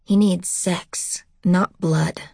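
A woman voicing a timid young man who speaks softly in an audiobook. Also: medium pitch, flat delivery, unhurried, no room sound, clean studio sound, pitched above the performer's own voice. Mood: quiet. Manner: soft, quiet. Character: timid young man keeping his distance.

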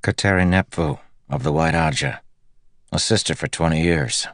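Narrator as a plain-spoken guard; blunt, brief answers, deep rasp. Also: male voice, normal speed, a bit bright, dry recording, studio quality. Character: blunt male tower guard.

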